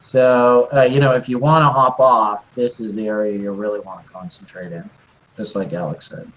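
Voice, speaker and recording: A man's voice: fairly low pitch, steady tone, normal speed, a little hiss or hum. Chatty man on a muffled call. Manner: chatty, hedging, jumps between points. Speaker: co-host crypto trading commentator. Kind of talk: casual chart analysis talk.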